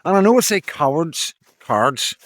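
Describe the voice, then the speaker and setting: A man's voice: medium pitch, normal speed, dry recording. A man with a strong regional accent talking casually to his viewers on an evening walk, rambling, frank and downbeat, swearing now and then. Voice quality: strong regional accent that he says captions garble. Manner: rambling, frank, swears, repeats "you know". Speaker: vlogger.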